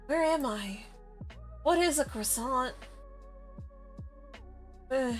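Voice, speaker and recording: A woman's voice: high voice, lively intonation, drawn-out words, soft background music. A woman live-streaming in casual chatter, rambling in bafflement and often breaking into laughter.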